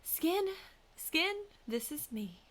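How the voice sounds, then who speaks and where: A woman voicing a hag wife in a ghost story who speaks in high, drawn-out calls. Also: very animated, exaggerated voice. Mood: eerie calling.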